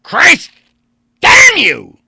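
A man voicing a desperate, furious male spacefarer who shouts and pleads in a high, strained voice. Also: very animated, moderate pace, slightly rough, no room sound, full character voice. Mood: screaming.

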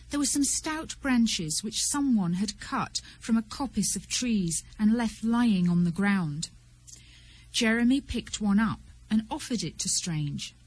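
A woman narrating an audiobook in a measured, expressive storytelling manner. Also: medium pitch, breathy edge, rough recording.

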